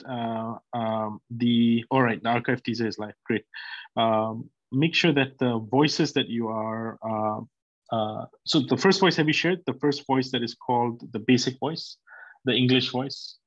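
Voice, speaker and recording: A man's voice: medium pitch, steady tone, measured pace, no echo, highs cut off. A man hosting a live online community address, rambling with many fillers and speaking straight to his listeners. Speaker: company host presenting a product.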